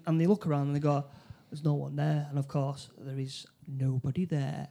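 A man recapping a film plot in casual chat, halting, with many restarts and fillers. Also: fairly high pitch, flat delivery, gravelly, dark tone. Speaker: film review co-host.

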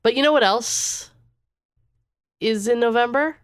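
A woman's voice: fairly high pitch, a little slow, clear, resonant tone, no echo, clean studio sound. Congested woman podcaster turning thirty. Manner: chatty, lots of fillers and likes. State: congested with a cold. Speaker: podcast co-host. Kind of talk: casual podcast chat.

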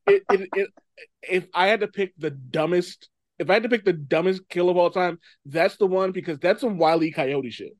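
A man with a high voice hosts a casual podcast chat, animated and quick to laugh and swear. The sound is close and dry, with no room around it. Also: dry recording. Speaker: podcast host.

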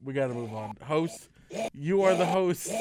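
A man co-hosting a casual comedy podcast, teasing and excitable, sometimes bursting into shouted bits. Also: fairly high pitch, measured pace, over a noisy crowd. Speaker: podcast co-host.

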